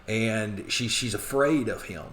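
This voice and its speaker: A man's voice: on the low side, fairly bright tone. A man teaching a class, casually retelling a novel's plot and briefly acting out the characters' lines. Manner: conversational, acts out quotes in quick voices.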